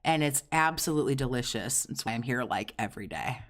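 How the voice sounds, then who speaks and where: A man's voice: mid-range voice, lively intonation, a little fast, a bit bright. A man hosting a reaction commentary, sarcastic and profane as he mocks a streamer. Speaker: commentary host.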